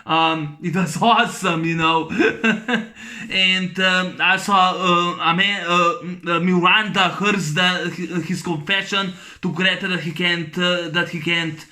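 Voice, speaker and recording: A man's voice: sits high, fairly even intonation, slow, bright, forceful tone. A man giving a casual spoken movie review, rambling with many fillers and often laughing as he retells scenes. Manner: rambling, full of fillers and "you know".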